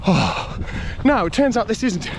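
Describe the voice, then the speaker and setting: In a high, very animated voice, unhurried despite being out of breath, a running vlogger from North East England chats cheerily on an outdoor hill and woodland trail. He laughs often and greets other runners in his casual vlog commentary, against a noisy background.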